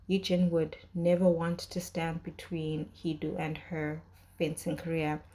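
Emotional woman reviewing a drama, lowish voice. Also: warm tone. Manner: emotional, talkative, many fillers and restarts. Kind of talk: casual commentary.

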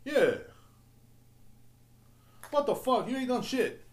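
A man's voice: very high-pitched, expressive, slow. A man ranting profanely and rambling as a podcast host. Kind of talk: casual solo rant. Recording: roomy echo.

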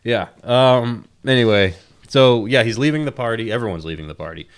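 A man's voice: mid-range voice, animated, fairly quick, clean tone. A man co-hosting a podcast in casual chat, telling rambling jokey stories. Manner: joking, rambling storyteller. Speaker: podcast co-host.

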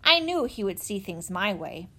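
A woman reading aloud voices a pompous, grumpy older man who talks huffily, in a high, lively voice. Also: normal speed, exaggerated voice. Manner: huffy, indignant.

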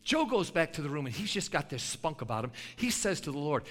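Male preacher, high lively voice, folksy and fiery, cutting sound with long hall reverb; builds to shouts. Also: fairly quick, few pauses. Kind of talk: sermon.

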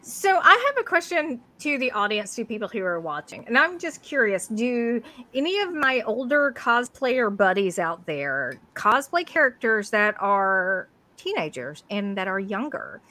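Bright-voiced Southern American woman. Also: fairly high pitch, measured pace, hardly any pauses. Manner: animated and self-deprecating. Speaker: guest cosplayer. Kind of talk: casual podcast chat.

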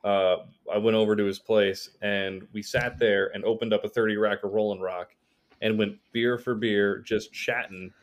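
A man co-hosting a casual podcast, wry and quick to laugh. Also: lowish voice, level tone. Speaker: podcast co-host. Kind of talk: casual chat.

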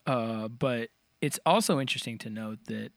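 A man with a creaky mid-range voice and moderate pace co-hosts a casual analytical chat about song lyrics. He explains the words and rhythm methodically and counts out beats, with no room sound in the recording.

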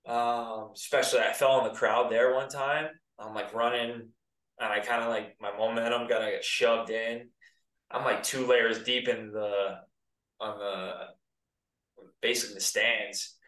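His mid-range voice stays steady and fairly bright, moving at a measured pace. The guest, a thirtysomething American who used to play pro soccer, rambles comfortably through a casual interview, captured on a distant mic in a roomy space.

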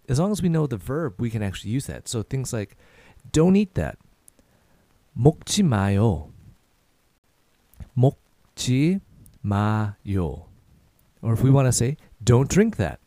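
Guy teaching phrases on a podcast, says em slow then quick, mellow voice, dry close mic. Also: medium pitch, big pitch swings, creaky, no room sound. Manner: repeats phrases slowly, then faster. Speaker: podcast host and Korean teacher. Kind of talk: casual language lesson.

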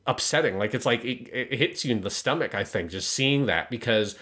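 A man casually breaking down an anime episode, animated and analytical, with many fillers. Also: medium pitch, fairly quick. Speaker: podcast co-host.

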